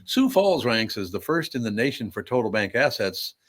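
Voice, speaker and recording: A man's voice: mid-range voice, big pitch swings, normal speed, fairly bright tone. A man hosting a talk radio show, chatting with guests and reading sponsor ads in a personal, folksy way. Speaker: radio host. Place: radio studio.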